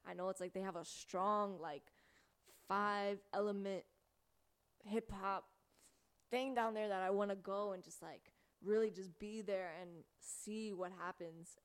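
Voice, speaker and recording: A young American woman hosts a radio show in a loose, chatty monologue. She rambles as she talks, with filler words scattered all through it. Her pitch sits right in the middle of the range. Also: fairly even intonation, unhurried, clean tone. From United States. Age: young adult. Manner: chatty, rambling, lots of "like" and "you know".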